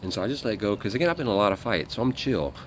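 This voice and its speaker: A man's voice: lowish voice, sing-song, rapid-fire, a little hiss or hum. A man telling a story about his military days in a casual, rambling way, blunt and full of fillers and swearing. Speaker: guest recounting military service.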